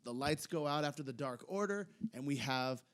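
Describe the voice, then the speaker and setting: A man's voice: medium pitch, moderate pace. Rambling man co-hosting a chat podcast. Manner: rambling, hesitant, gets excited. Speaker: podcast co-host. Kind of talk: casual chat recapping wrestling.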